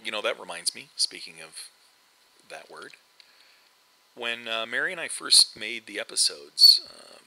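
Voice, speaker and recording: Over gameplay, a middle-aged host talks casually in a deep voice that sounds pushed and bright. It's rambling game commentary with lots of fillers and restarts, recorded roughly.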